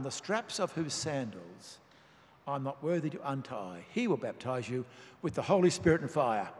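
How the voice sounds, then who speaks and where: A man preaching a sermon, reading and explaining scripture in a measured, emphatic way. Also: medium pitch. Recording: long reverb of a large hall.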